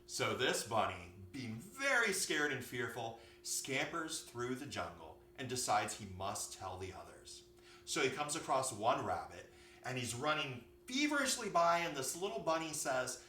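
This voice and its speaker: A man tells a story for children in an animated, expressive way. His voice is bright and swoops through a lively range. He sits far from the mic in an echoey room with a faint hum behind. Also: medium pitch, unhurried. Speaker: yoga teacher.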